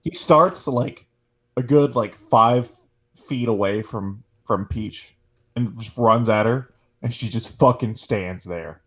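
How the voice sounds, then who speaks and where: A man co-hosting a gaming podcast in casual chat, animated and swearing, talking in rambling runs with many fillers. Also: mid-range voice, slow pace, breathy edge. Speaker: podcast co-host.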